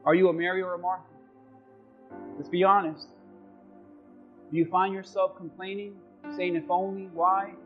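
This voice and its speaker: A high-voiced man preaching from the pulpit. He drops to a quiet, measured reading tone, then climbs into loud, fervent exhortation. His delivery is dramatic and insistent. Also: little pitch movement, narrow, tinny audio, soft background music. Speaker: pastor. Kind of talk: sermon.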